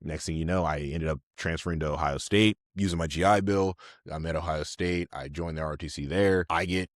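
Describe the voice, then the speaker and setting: This man in his thirties, an army officer, is a guest on a podcast, telling stories in a casual, animated way and laughing often. His voice is low and his pace brisk, captured in a dry, clean studio recording.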